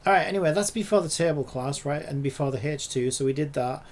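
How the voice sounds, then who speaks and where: A man's voice: a little high, quick pace. A man in a casual coding vlog who swears and rants in exasperation at his screen. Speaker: hobby programmer.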